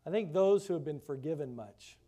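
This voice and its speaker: A man preaching a sermon, reading scripture aloud and expounding on it with rhetorical questions, his voice swelling loud for emphasis and dropping soft. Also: a little high, expressive, brisk.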